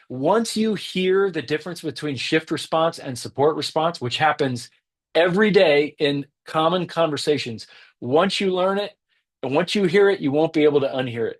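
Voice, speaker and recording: A man giving an earnest teaching talk on leadership who stresses his key points by repeating them. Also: a little high.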